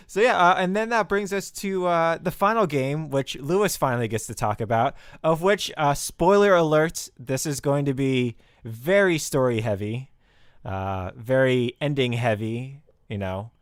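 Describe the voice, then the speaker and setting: A man's voice: medium pitch, a little slow, clean tone, no room sound, clean studio sound. A man co-hosting a gaming podcast, laid-back in casual chat with wry asides. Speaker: podcast co-host.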